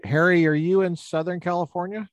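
A man's voice: high voice, steady tone, fairly quick, no room sound, highs cut off. A man hosting a podcast over a video call, jokey and teasing in his casual chat. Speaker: podcast host.

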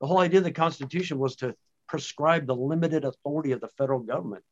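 A man who researches home-based education, speaking as an animated, emphatic guest in a conversational podcast interview. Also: a little high, very fast. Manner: animated, emphatic, frequent restarts. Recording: dull lo-fi audio.

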